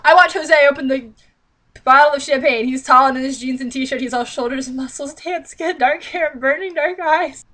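A woman's voice: sits high, normal speed, a bit bright. A woman vlogger reading a novel aloud and breaking off into exasperated, sarcastic commentary. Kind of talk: read-aloud with mocking commentary.

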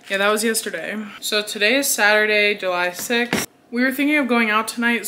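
Breathless from a workout, this young vlogger talks in a medium-pitched, sharp-toned voice. Her personal vlog is casual and unfiltered, with the occasional swear word.

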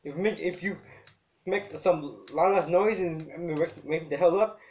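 A man doing a loud, jeering dad. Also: a little high, wildly swooping pitch, normal speed, muffled recording, voice pushed up, exaggerated voice. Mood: stern. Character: gruff mocking threatening father. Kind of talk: comedy sketch acting.

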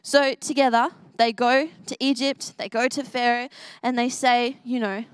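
A young woman gives a children's church talk in a bright, fairly high voice, bubbly and always asking the kids questions. The sound is dry and close, with little room echo. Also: flat delivery, normal speed, clean tone. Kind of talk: kids' sermon. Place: church service.

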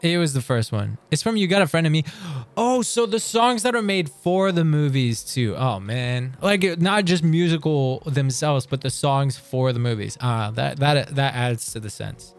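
A man streaming live and chatting casually through a quiz, excitable and quick to swear as he reads lyrics aloud. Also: medium pitch, faint music behind.

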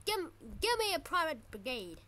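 A woman with a very high, bright voice gives live gameplay commentary. She swings widely in pitch, gets panicky and shouts when a fight turns bad, and trips over repeated words when flustered. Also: moderate pace, a little hiss or hum. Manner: excitable, panicky, shouts and yelps during fights. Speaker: gaming channel host.

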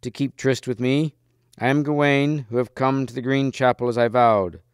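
A brave young knight speaking with earnest resolve, as a man reading a storybook aloud plays him. The voice is lowish, smooth and clear, recorded close and dry. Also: fairly even intonation, moderate pace, dry recording, close to an everyday voice. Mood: resolute.

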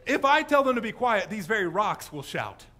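A man's voice: high voice, sing-song, normal speed, sharp tone, exaggerated voice. A pastor playfully voicing Jesus as a prim adult Englishman with a put-on British accent, in a mock-formal way. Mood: mock-stern.

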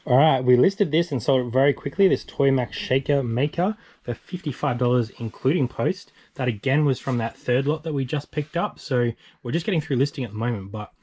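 A man's voice: medium pitch, fairly quick, hardly any pauses, warm tone, breathy edge. A young Australian man co-hosting a reselling vlog, chatting matter-of-factly through items and prices. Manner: chatty, matter-of-fact listing of sales. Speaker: eBay reseller co-host. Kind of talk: casual vlog walkthrough.

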